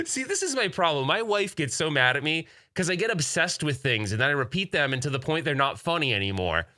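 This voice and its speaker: A man's voice: fairly high pitch, very animated, fairly quick, hardly any pauses, bright, forceful tone, no echo, studio quality. A man hosting a casual podcast, talking in an enthusiastic, rambling way with many restarts. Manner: rambling, self-interrupting, enthusiastic. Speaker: podcast host.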